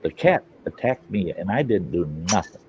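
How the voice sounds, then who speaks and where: Low-voiced man telling folksy stories. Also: very animated, normal speed. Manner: rambling, laughs a lot, folksy and profane. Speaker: host. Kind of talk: casual storytelling chat. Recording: dull lo-fi sound with faint hiss.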